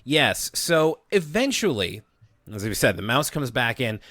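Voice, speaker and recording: A man's voice: mid-range voice, sing-song, a little slow, bright, forceful tone, no room sound, clean studio sound. Chatty man recapping on a podcast. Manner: chatty, recaps episodes in detail. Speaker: podcast co-host.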